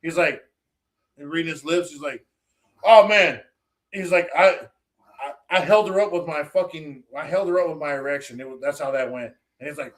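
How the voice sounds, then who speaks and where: Profane storytelling man, highish voice. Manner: profane, animated storytelling, acts out quotes. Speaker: podcast co-host. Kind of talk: casual chat.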